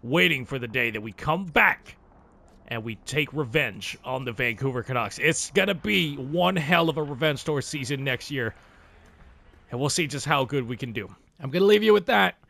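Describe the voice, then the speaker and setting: Excitable gravelly-voiced gaming man. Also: medium pitch, moderate pace. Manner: excitable, swears, yells at the game. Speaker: gaming YouTuber. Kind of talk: let's-play commentary.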